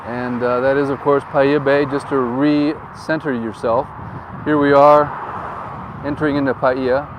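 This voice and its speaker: This local tour guide, a real estate agent, rides through town outdoors giving casual commentary that's upbeat, jokey and full of tangents. He speaks a little slowly at medium pitch with little pitch movement, and the audio has its highs cut off. His windsock-covered mic picks up faint wind and traffic.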